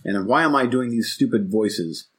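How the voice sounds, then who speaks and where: A man's voice: mid-range voice, moderate pace, breathy edge. A man co-hosting a casual chat about movies, rambling and restarting his sentences and laughing often. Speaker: podcast co-host.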